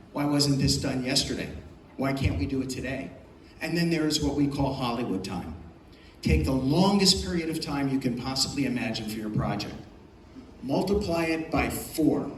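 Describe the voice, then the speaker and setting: A man's voice: mid-range voice, slight background noise. An older man giving an emphatic, storytelling speech to an audience as a film producer at a festival. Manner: storytelling, emphatic, repeats phrases for effect. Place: large hall at a festival. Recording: echoey hall, voice from far off.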